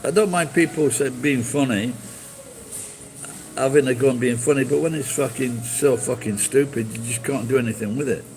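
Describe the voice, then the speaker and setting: A man's voice: mid-range voice, normal speed, darkish tone, faint music behind, rough recording. A man live streaming and chatting with viewers, blunt and profane as he berates them.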